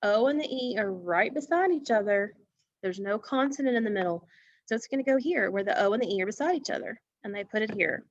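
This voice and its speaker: A woman teacher leading a phonics lesson for young children, speaking slowly and deliberately, stretching out words and praising the class often. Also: mid-range voice, animated, dry recording, lo-fi sound. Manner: slow, deliberate, encouraging, stretches words for emphasis.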